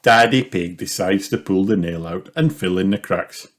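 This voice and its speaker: A man reading a children's storybook aloud in a slow, lively storytelling manner. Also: deep voice. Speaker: storybook reader. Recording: noisy home recording with clicks.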